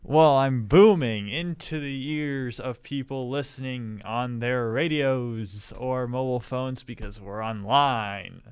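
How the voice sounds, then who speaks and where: A male podcast host chats about racing in a smooth, clear voice, bantering and defending himself with a grin. The sound is dry and close, with no room around him. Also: mid-range voice, slow, few pauses, dry recording. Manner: joking, mock-defensive banter. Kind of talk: casual racing podcast chat. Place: studio.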